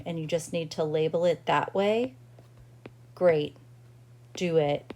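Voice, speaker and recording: A woman gives a music lesson in an unhurried, low-pitched voice. She explains rhythm counting patiently and reassures her students. She speaks the counts aloud as she goes, with faint noise in the background. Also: mellow. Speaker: music teacher. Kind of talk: classroom-style music lesson.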